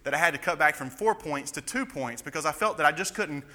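A man's voice: on the high side, animated, quick pace, bright, forceful tone. A man preaching an expository sermon, emphatic and building to fervent passion. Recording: long reverb of a large hall.

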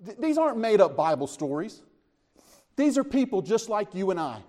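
A man delivers a sermon at a moderate pace, retelling scripture as an animated story. He keeps it conversational by asking his listeners questions, and his pitch rises whenever he voices the disciples' words.

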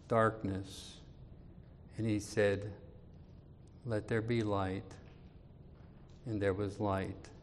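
A man preaching an expository sermon, reading scripture aloud with more force and dropping low and quiet when he appeals to his listeners. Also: in a large hall, slight background noise. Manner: reads scripture louder, drops low and quiet for personal appeals.

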